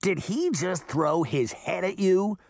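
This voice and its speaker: A man's voice: high-pitched, expressive, slow, gravelly, a little mellow, dry recording, studio quality, voice pushed up, full character voice. A man voicing a cocky, mischievous boy fairy who talks in a smug, flippant way in an audiobook.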